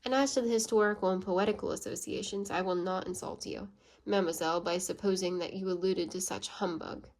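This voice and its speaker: Storybook: a scornful, blunt man voiced plainly by a woman reader, even, level tone. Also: mid-range voice, a little fast, natural voice. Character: scornful blunt Englishman, sneering and argumentative.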